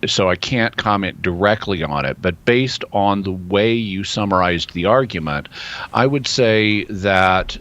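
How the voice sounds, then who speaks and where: A man's voice: low-pitched, a little slow, fairly bright tone, highs cut off. A man answering callers' questions as a guest expert on a radio show, in a precise, methodical way. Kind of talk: explaining on radio talk show.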